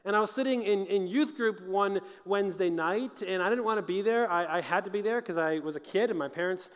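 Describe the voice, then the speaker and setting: A man with a high voice speaks to college students in a large chapel, earnest and conversational, pressing his points with emphasis. His words ring out with a long reverb through the hall. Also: a little fast. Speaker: motivational speaker.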